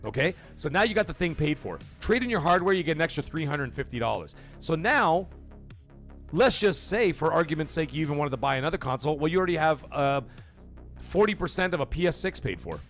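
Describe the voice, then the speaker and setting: A man hosting a gaming livestream, ranting in a casual, animated way with big jumps in pitch and loud bursts, swearing freely. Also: fairly quick, faint music behind.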